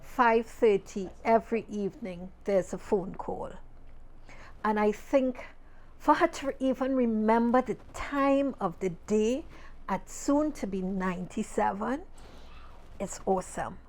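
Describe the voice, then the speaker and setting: A woman's voice: mid-range voice, darkish tone. Thoughtful woman asking questions. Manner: measured, thoughtful, many ums. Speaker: podcast co-host. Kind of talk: casual chat.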